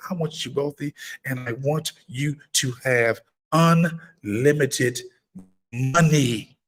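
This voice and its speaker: A man hosts a casual livestream, talking to his viewers in a middle-pitched voice. He preaches more than he chats, leaning hard on repeated lines and emphatic stress. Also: breathy edge. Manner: breaks into high-pitched excited exclamations when greeting viewers. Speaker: firearms trainer and livestream host. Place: gun laws in Maryland.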